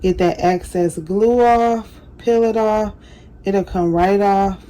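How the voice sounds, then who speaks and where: A woman's voice: medium pitch, steady tone, takes it slowly, dark tone. A woman hosting a casual craft how-to, chatty and self-deprecating, often apologizing. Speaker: craft tutorial host.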